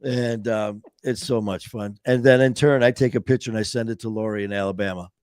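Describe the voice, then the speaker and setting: A man's voice: fairly low pitch, fairly even intonation, brisk, a little mellow, dry recording. Casting: male talk host from Michigan, rambling and jokey, dry close studio mic. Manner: rambling, stop-start, jokey. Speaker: show host. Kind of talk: casual chat.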